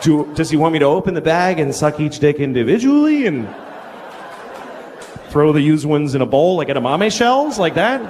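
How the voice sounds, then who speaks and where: Animated stand-up comedian, lively voice. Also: male voice, fairly high pitch, moderate pace. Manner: animated, incredulous storytelling with swearing. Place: comedy stage before a live audience. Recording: live stage recording with background noise.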